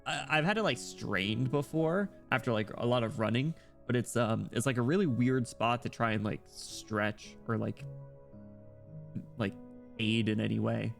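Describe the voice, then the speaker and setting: A man's voice: medium pitch, unhurried, creaky. A man streaming a game, chatting casually in a rambling, filler-heavy way. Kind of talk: casual game stream chat and reading game dialogue. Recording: faint music behind voice.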